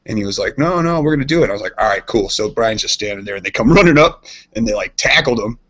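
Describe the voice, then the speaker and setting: A man co-hosting a podcast, telling a rambling story in casual chat, animated and laughing. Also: fairly low pitch, fast talker, slightly rough. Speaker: podcast co-host. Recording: dull lo-fi podcast audio.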